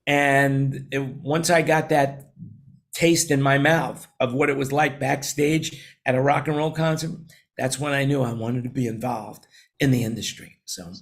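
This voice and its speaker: A man's voice: medium pitch, steady tone, a little slow. A man in his sixties with a New York accent, hosting a casual roundtable chat and telling long, rambling stories with many restarts. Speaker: show host.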